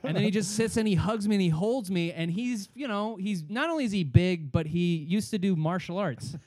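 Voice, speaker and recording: Young man, comedian, animated storytelling, slightly high voice, dry close sound. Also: brisk, no room sound. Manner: animated, acts out other people's voices, swears a lot. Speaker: stand-up comedian. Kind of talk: casual storytelling on a comedy podcast.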